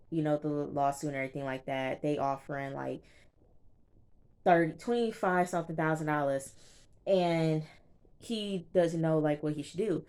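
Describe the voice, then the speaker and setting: Chatty young woman with a low voice. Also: darkish tone. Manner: chatty, slangy, retells scenes with quoted dialogue. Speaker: TV recap vlogger. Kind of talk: casual episode recap.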